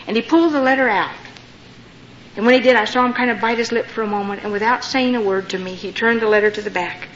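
Lively older woman telling stories, lo-fi. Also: a little high. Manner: lively, dramatic storytelling with humor. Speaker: missionary speaker. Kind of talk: storytelling testimony to a women's gathering. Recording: dull lo-fi recording with faint hiss.

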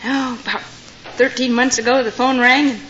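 Older woman telling her testimony, bright voice. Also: fairly high pitch, steady tone, normal speed. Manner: storytelling, acting out quoted voices. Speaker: speaker giving her testimony. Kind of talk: personal testimony to an audience. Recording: dull lo-fi recording with faint noise.

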